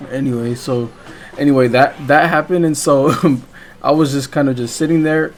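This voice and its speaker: A man's voice: mid-range voice, fairly even intonation, normal speed, soft background music. A young man telling a story casually while playing a game, rambling and swearing, full of fillers and restarts. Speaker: gaming vlogger.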